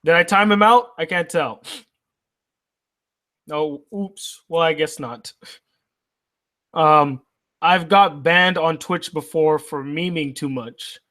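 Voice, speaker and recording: A man's voice: on the high side, takes it slowly, pauses often, sharp tone. A man hosting a casual livestream, reading viewer messages aloud and answering them in a loose, profane way. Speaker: anime reviewer reading live chat.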